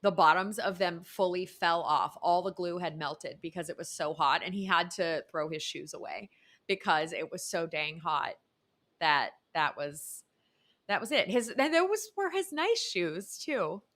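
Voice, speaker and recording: A woman co-hosting a travel podcast who tells stories casually and chimes in with quick, lively reactions. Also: fairly low pitch. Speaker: podcast co-host. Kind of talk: casual storytelling chat.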